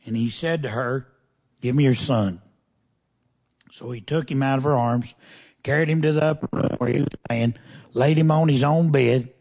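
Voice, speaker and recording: A man's voice: mid-range voice, moderate pace, long pauses, darkish tone. A man preaching a sermon, reading scripture aloud and breaking off to ask the congregation pointed questions in a folksy, conversational way. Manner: reads scripture then comments in a folksy, conversational way.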